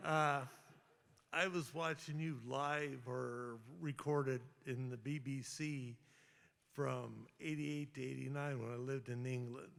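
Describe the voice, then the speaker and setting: A man in the audience asking a convention guest a question, halting and friendly. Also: mid-range voice, fairly even intonation, vocal fry, fairly bright tone. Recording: echoey convention hall.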